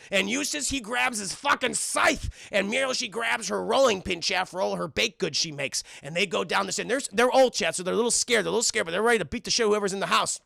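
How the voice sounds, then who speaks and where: A man's voice: high-pitched, quick pace, vocal fry, few pauses, pushed and bright, dry recording, clean studio sound. A man streaming a casual cartoon recap, swearing freely and talking to his chat. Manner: profane, keeps addressing chat.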